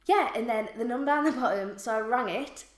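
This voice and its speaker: A woman's voice: a little high, brisk, reverberant. A woman, co-hosting a podcast in casual chat, telling stories and laughing often. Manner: chatty storyteller, laughs often. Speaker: podcast co-host.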